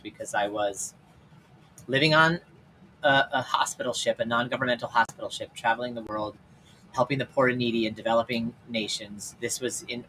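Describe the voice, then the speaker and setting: A man hosting his own show, telling personal stories in a casual, candid way with lots of fillers, swinging between loud and hushed. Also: medium pitch, slight background noise, poor audio. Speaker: podcast host and life coach. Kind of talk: personal storytelling monologue.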